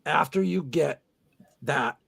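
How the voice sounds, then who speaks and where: Man, podcast co-host, casual chat, very gravelly, husky, rambling, insistent. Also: fairly high pitch, slow, fairly bright tone.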